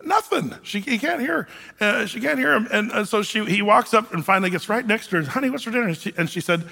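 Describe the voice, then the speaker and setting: A man's voice: high voice, brisk, creaky, pushed and bright, big-room sound. A man preaching a sermon as pastor, telling stories in a chatty way with many fillers and restarts.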